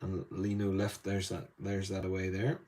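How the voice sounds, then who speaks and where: A man's voice: deep voice, completely flat delivery, moderate pace, warm tone. An Irish man teaching watercolour live, chatting to viewers with rambling asides while he paints in a studio. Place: indoor art studio.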